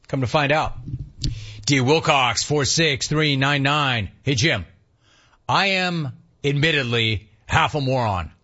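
Husky guy on talk radio, riffing fast and reading emails, kinda dull lo-fi sound. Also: on the high side. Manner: animated, riffing, mock-incredulous. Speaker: radio host.

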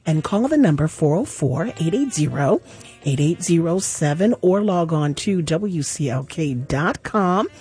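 A woman hosting a jazz radio show, making lively pledge appeals to listeners and interviewing a guest in the studio. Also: lowish voice, husky. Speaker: radio host. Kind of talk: public radio pledge-drive talk.

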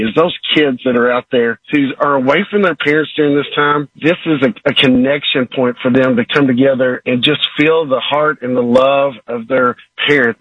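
A man's voice: medium pitch, slightly rough, dry recording. A man volunteering for a charity, speaking in a heartfelt, choked-up recorded testimonial. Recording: dull dry lo-fi clip.

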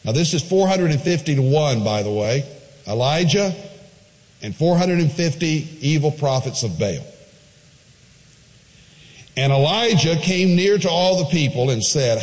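A man preaching a sermon, retelling a scripture story with lively swings between quiet asides and high, excited quoted voices. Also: normal speed, big-room sound, rough recording. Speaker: pastor.

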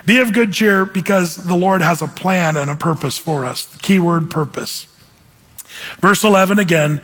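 High-voiced animated male preacher. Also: normal speed, breathy edge. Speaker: pastor. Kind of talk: sermon. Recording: hall reverb.

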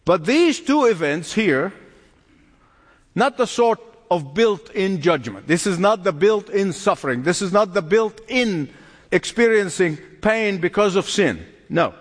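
A man's voice: sits high, animated, measured pace, in a large hall. A man preaching a sermon as pastor, emphatic, repeating key phrases and chuckling between points.

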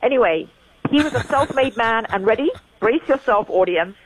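Interviewed remotely as a guest, she's an Englishwoman in her sixties with an English accent who restates her points to stress them. She talks at a normal speed in a fairly high, animated voice, and background noise can be heard.

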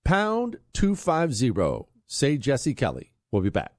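Animated, combative male radio host. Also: medium pitch, measured pace. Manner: combative, emphatic, rising to loud peaks. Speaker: radio talk show host. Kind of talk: opinionated talk radio monologue and live ad read. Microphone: studio microphone.

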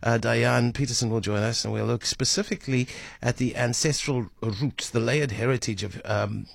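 Radio host, gravelly voice, casual rundown, lots of uhs, dry mic. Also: male voice, mid-range voice, fairly even intonation, moderate pace, dry recording. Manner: chatty, runs through a show rundown with many fillers.

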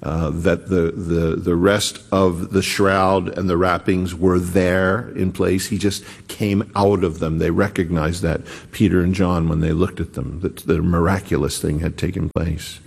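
Deep gravelly preacher guy, slow rambly sermon, big echoey church room. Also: level tone. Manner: conversational, digressive, slow and deliberate. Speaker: pastor. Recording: echoey hall reverb.

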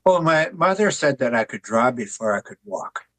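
An older man, an author and artist, telling stories in a relaxed, folksy interview. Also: medium pitch, normal speed, dry recording, low-quality recording. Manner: folksy, tells jokes with put-on voices.

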